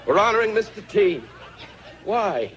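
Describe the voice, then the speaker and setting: Brash male roast comic, higher voice, rapid-fire insults; noisy archival stage recording. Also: sing-song, dull audio, a loud crowd. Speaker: roast comedian. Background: laughing audience.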